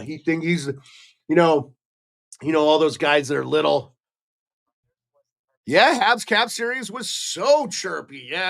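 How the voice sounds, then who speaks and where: A middle-aged Montana man calls excitable live play-by-play for a fan stream from home, chatting with viewers between calls. His voice runs on the high side with vocal fry.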